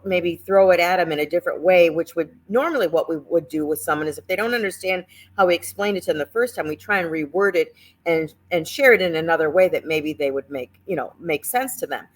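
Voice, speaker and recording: A middle-aged woman with a somewhat low voice gives caregiving tips. She talks in a loose, conversational way, restarting sentences and leaning on fillers as she tells stories. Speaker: nurse advocate host. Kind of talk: casual educational talk.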